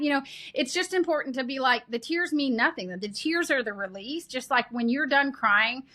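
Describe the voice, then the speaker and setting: A woman explaining child development in a conversational interview, earnest and animated, acting out what parents say. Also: high-pitched, moderate pace.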